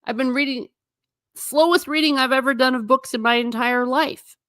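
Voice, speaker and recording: A woman hosting a casual livestream, rambling in an animated way and talking straight to her viewers in chat. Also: sits high, normal speed, no room sound, studio quality. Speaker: livestream host.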